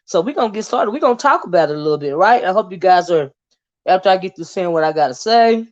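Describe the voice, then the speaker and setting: A woman's voice: on the low side, animated, fast talker, a little mellow. Folksy woman hosting a livestream chat. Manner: folksy, greets viewers by name, says "child" and "honey". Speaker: livestream host. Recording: dull lo-fi stream audio.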